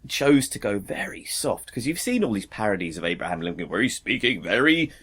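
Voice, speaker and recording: A man, a podcast guest, talking about a film in a thoughtful, measured way. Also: fairly low pitch, sing-song, a bit bright, husky. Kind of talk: casual film discussion.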